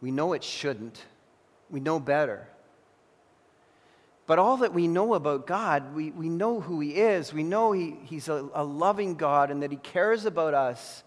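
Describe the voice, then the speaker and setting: A man preaching a sermon as pastor, crying out in anguished prayer and then teaching calmly. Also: a little high, measured pace. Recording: long hall reverb.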